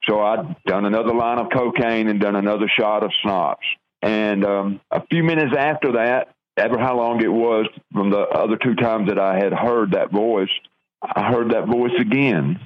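An older man tells his life story in a plain, halting way, stumbling and restarting as he goes. His voice sits low. It comes through a dull, lo-fi radio broadcast. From Georgia, US. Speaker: guest telling his conversion testimony. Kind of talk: personal testimony in an interview.

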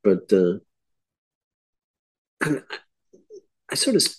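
A man's voice: fairly low pitch, very animated, very slow, breathy edge. A man who is an actor guest, reminiscing in a reflective, casual interview conversation. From grew up on a farm.

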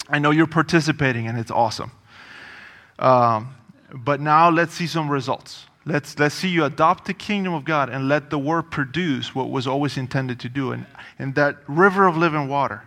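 With a long reverb suggesting a large hall, a man preaches in a bright, forceful voice that's a little high for a man. His sermon is conversational but emphatic, built on repeated phrases and frequent offhand asides.

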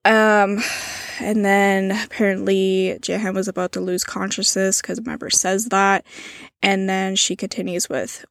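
A woman's voice: mid-range voice, level tone, measured pace, a bit bright, no room sound, studio quality. A woman in casual podcast chat, talking loosely with lots of fillers as she recounts a story. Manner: casual, many fillers, reads out quotes in a subdued tone.

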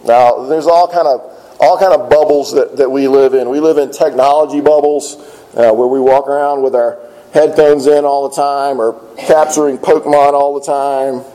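A man preaching a sermon as pastor, in an earnest, plainspoken way, often pausing on "uh" and repeating words. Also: mid-range voice, fairly even intonation, warm tone, low-quality recording.

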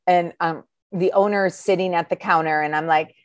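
A woman's voice: fairly quick, no echo. A woman in her forties, a schoolteacher, telling a story in casual chat and acting out the voices of the people in it. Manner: animated, acts out quoted voices with a high exclaiming tone. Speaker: podcast guest telling a story.

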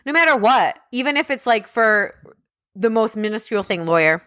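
A woman co-hosts a podcast, retelling a criminal case in casual true-crime chat peppered with "like" fillers and indignant asides. Her voice is fairly high and a bit bright, with lively intonation and a moderate pace. The recording is clean studio sound with no echo.

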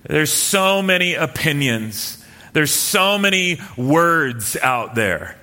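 Pastor guy telling a story in a sermon, bright kinda high voice, big hall echo. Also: takes it slowly. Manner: relaxed, anecdotal, many fillers and restarts. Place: church hall with live and online audience.

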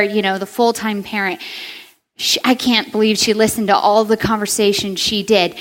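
Woman, young adult, sermon, earnest, conversational, high-pitched, long hall reverb. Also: a bit bright. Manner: earnest, conversational, speaks to the women in the room. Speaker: preacher.

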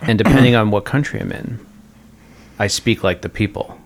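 In an improvised comedy sketch, a man plays a snobbish chocolate connoisseur who is pushy, boastful, and smug, breaking into high laughs. His natural voice moves at a moderate pace over a little hiss or hum.

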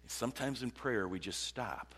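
Preacher, male, husky voice, lively and repetitive delivery, heard with a long reverb. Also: medium pitch, moderate pace. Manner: animated, repeats words, swings from loud to hushed. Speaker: pastor. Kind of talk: sermon.

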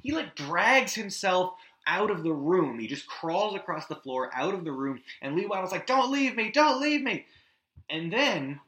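Animated man recapping a horror film. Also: fairly high pitch, reverberant, low-quality recording. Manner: animated, swearing, acts out scenes with yelps and hummed music. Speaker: podcast host. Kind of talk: casual movie recap.

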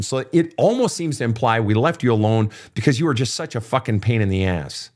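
A man's voice: medium pitch, big pitch swings, a little fast, hardly any pauses, darkish tone. A man working as a counselor, blunt and probing, swearing freely and pressing the same questions again and again. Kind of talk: counseling session.

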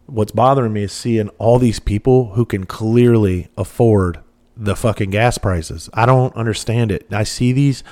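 A man's voice: lowish voice, normal speed, darkish tone. A man, a former police officer telling rambling, profane stories with lots of fillers. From southern United States. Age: 40s. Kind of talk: casual storytelling monologue.

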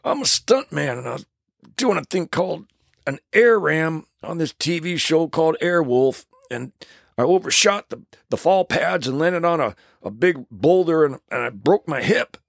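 Brief: hurt stuntman, strained and groaning, voice pushed up high, as a storyteller puts him on. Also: lively intonation, moderate pace, vocal fry, no echo, clean studio sound. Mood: pained. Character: injured male stuntman, pained but good-humored.

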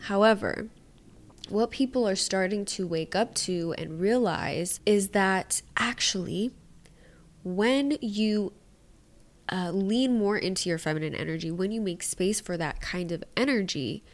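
On her solo podcast, a woman host talks casually and frankly in a mid-range, unhurried voice. She swears freely and now and then slips into quiet asides.

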